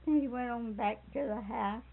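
A woman's voice: fairly high pitch, normal speed, vocal fry, husky. An older woman, telling a family story in a rambling, folksy way and often chuckling. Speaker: interviewee. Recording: tinny phone-like recording with faint hiss.

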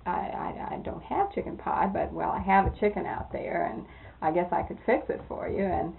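A woman being interviewed, telling old anecdotes in a lively way that often breaks into laughter. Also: lowish voice, normal speed, gravelly, a little hiss or hum. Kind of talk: oral history storytelling. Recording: tinny lo-fi tape, phone-like.

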